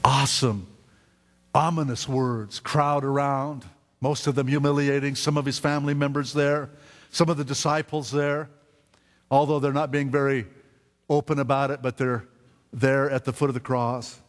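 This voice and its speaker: A man's voice: medium pitch, little pitch movement, normal speed. A man preaching a sermon in a church, earnest and prone to stammered restarts. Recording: reverberant hall.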